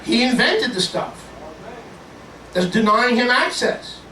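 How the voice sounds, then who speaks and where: A man preaching a sermon as a pastor, animated, joking, and putting on voices to act out his stories. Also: very high-pitched, slow pace. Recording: echoey room, distant from the mic, faint ambience.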